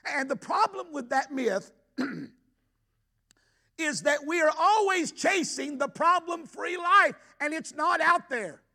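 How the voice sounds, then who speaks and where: Middle-aged male pastor, high pitch, animated sermon delivery. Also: slow pace. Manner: impassioned, voicing the father's plea with rising intensity; rhetorical questions to the congregation. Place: church sanctuary.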